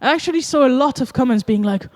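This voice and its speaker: A woman's voice: high-pitched, animated, fast, a little mellow. A woman with a French accent giving a conference talk in a casual, joking way with many fillers. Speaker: conference speaker. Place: conference hall. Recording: long reverb of a conference hall.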